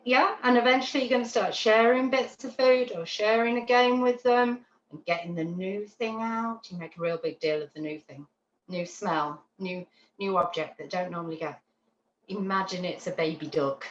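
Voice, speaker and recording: A woman's voice: mid-range voice, normal speed. Chatty woman teaching on a video call. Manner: chatty, animated, checks in with "yeah?". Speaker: dog training instructor. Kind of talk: online class teaching. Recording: roomy, dull lo-fi call audio with faint noise.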